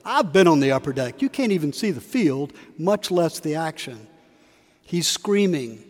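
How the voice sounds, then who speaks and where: A man preaches in a cathedral, his slightly high voice carrying a long echo through the stone space. He tells stories with shifting emphasis and briefly acts out the quotes. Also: very animated, unhurried. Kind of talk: sermon. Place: large cathedral.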